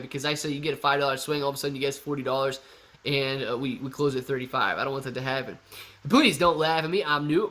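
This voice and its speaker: A young man hosting a casual live stream, reading viewer chat aloud in an excitable, chatty way and calling people bro and man. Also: on the high side. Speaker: livestream host reading chat.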